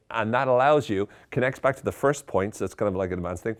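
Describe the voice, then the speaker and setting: A man's voice: lowish voice, animated, quick pace, few pauses. A man giving mock-serious, tongue-in-cheek self-help advice in a conversational, ironic way.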